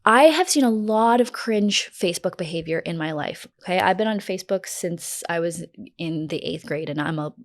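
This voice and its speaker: A woman's voice: fairly low pitch, normal speed. A woman in her late twenties who hosts a true crime podcast and tells the story in a blunt, sarcastic way, swearing freely. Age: late 20s. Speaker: podcast host.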